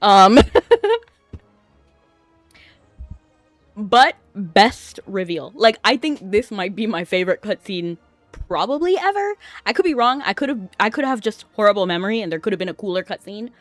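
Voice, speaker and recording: A woman streaming a game, chatting excitably and laughing often as she reacts to it. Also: mid-range voice, measured pace, dry recording, soft background music. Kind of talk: casual gameplay commentary.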